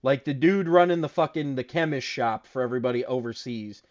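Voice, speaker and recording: A man co-hosting a casual chat show, telling stories in a profane, animated way. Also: medium pitch, fairly quick, lo-fi sound. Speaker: podcast co-host.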